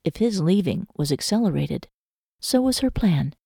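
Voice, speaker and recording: A woman narrating a romance novel audiobook in a measured, emotive storytelling manner. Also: lowish voice, animated, creaky, warm tone, breathy edge, no room sound, studio quality.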